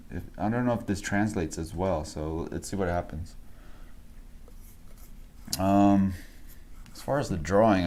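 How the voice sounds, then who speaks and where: A man livestreaming a portrait drawing, thinking aloud in a relaxed, rambling way, chatting with viewers and laughing often. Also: low-pitched. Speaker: art instructor livestreaming a drawing. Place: home art studio.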